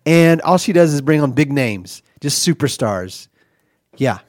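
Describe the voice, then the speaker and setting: A man's voice: on the high side, lively intonation, unhurried, no room sound, studio quality. Indignant, sputtering comedy podcast host man. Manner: indignant, sputtering, rambling rants.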